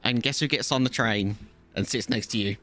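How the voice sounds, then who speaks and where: A man's voice: medium pitch, a little fast, a bit bright. A man, chatting casually to viewers on a live game stream and rambling through a story. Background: faint music.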